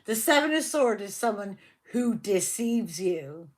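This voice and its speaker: A woman's voice: medium pitch, sing-song, unhurried. A woman giving a live tarot reading, heated and fiercely protective of her viewer, swearing constantly. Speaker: tarot reader.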